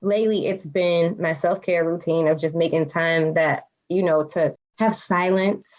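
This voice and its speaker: A woman's voice: on the low side, steady tone, darkish tone, lo-fi sound. A woman in her thirties, a podcast guest, talking candidly and reflectively in casual conversation. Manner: candid and reflective, with quick laughs.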